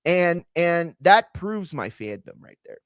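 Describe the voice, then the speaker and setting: A man streaming a profane, ranting commentary on combat sports, excitable and blunt. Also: on the high side, slow, clear, resonant tone, dry recording, studio quality. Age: adult. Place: home room with bookshelves.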